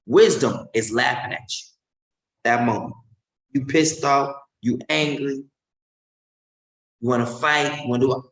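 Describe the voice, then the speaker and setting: A man's voice: medium pitch, a bit bright. Emphatic, mocking preacher man. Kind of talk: animated sermon-style commentary. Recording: roomy echo.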